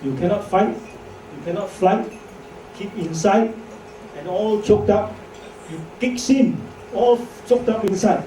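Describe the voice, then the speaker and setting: A man's voice: high voice, unhurried, mellow. A man giving a chatty medical lecture to doctors, joking and asking rhetorical questions. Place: lecture hall. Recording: echoey hall from far off, faint noise.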